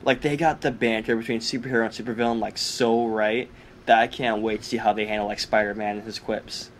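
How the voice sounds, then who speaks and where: A man's voice: lowish voice, level tone, fairly quick, slight background noise. A man co-hosting a casual fan podcast, laughing often and leaning on "like". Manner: laughs often, many fillers like "like". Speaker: podcast co-host. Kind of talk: casual chat.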